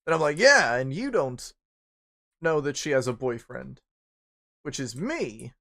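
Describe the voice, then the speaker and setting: This gamer's delivery is sing-song and measured, with a creaky, bright, forceful voice. He's a young man casually telling a personal story during a stream, rambling and swearing freely. Acting out panic, he shoots up into squeaky high bursts.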